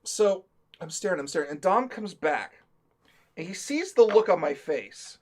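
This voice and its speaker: A man chats through a story on a live stream, his voice sitting a bit high and swinging widely in pitch. He talks nonstop, laughs as he goes and slips into quoted voices. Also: animated, moderate pace, darkish tone. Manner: talkative, laughs through the telling, acts out the quotes. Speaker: stream co-host. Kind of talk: comic anecdote on a live stream.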